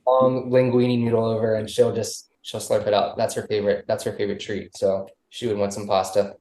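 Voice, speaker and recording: A man's voice: lowish voice, little pitch movement, fairly quick, warm tone. A man guesting on a casual podcast, loose and rambling with many restarts. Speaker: musician guest. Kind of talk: casual interview chat. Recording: roomy echo.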